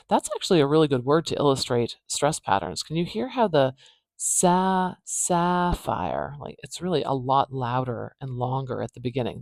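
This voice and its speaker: A woman teaching pronunciation in a phonetics tutorial, patiently repeating words slowly to demonstrate their sounds. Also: very deep voice, vocal fry, a little mellow, no echo.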